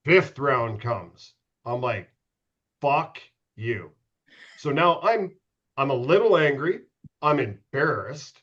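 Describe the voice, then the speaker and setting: A man's voice: medium pitch, big pitch swings, slow, fairly bright tone. A middle-aged man spins loose, profane stories as a podcast guest, candid and mocking himself as he goes. His voice sits in an ordinary middle register, and the podcast audio is a little dull and lo-fi. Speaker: podcast guest, former pro hockey goalie. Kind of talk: casual storytelling.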